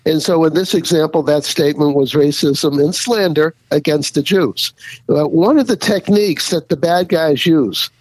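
A man's voice: a little high, moderate pace, darkish tone, slightly rough, no echo, low-quality recording. A man interviewed as an author, answering at length with lots of fillers and restarts. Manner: rambling, many fillers and restarts, chuckles. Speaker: author and guest.

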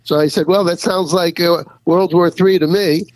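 A man's voice: sits high, steady tone, normal speed, a little mellow, no echo, low-quality recording. A man interviewed as an author, answering at length with lots of fillers and restarts. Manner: rambling, many fillers and restarts, chuckles. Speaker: author and guest.

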